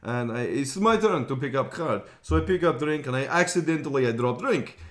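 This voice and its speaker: A man's voice: mid-range voice, expressive, brisk, fairly bright tone. A man co-hosting a podcast in casual chat, joking, swearing and slipping into mock accents. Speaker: podcast co-host.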